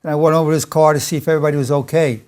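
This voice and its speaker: A man's voice: on the high side, fairly even intonation, rapid-fire, a little mellow. An older man, a psychologist, giving a motivational lecture in an emphatic, self-assured way and illustrating it with personal stories.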